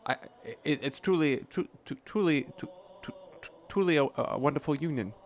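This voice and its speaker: A man's voice: a little high, moderate pace, a little hiss or hum, natural voice. A man voicing a nervous male gnome groom on his wedding day who stammers and repeats his words.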